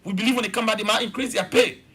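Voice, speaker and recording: A man's voice: sits high, racing, sharp tone. A man with a Liberian accent, a government official making an emphatic, repetitive political argument as a talk-show guest.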